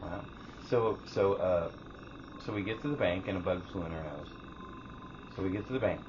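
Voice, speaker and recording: A man's voice: low voice, normal speed. A man co-hosting a podcast, telling a story in casual chat, acting out the people in it and swearing freely. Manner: animated storyteller, acts out quotes, swears freely. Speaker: podcast co-host. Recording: dull lo-fi sound with faint hiss.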